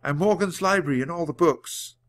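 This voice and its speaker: A man's voice: fairly high pitch, fairly quick, fairly bright tone, voice pushed up, close to an everyday voice. A man doing an earnest, determined young boy. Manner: earnest, firm. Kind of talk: audiobook character voice.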